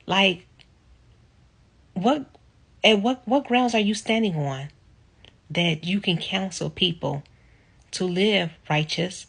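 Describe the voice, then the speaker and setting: A woman tells a personal story to her viewers in a slow, unhurried way. Her voice is slightly husky and breathy. She stays reflective but livens up when she quotes what people said. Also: fairly low pitch. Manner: reflective, animated when quoting others. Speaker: vlogger telling a personal story. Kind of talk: casual storytelling.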